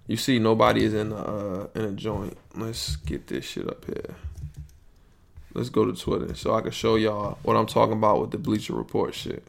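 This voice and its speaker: A man's voice: on the low side, steady tone, normal speed, gravelly. A young man, hosting a podcast in loose, rambling, profane chat. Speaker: podcast host.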